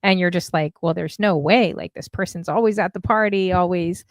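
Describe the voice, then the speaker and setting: A woman's voice: lowish voice, normal speed, dry recording, clean studio sound. A woman hosting a casual conversation, answering a guest's story with encouragement. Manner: encouraging listener, short affirmations. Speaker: host. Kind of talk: casual chat.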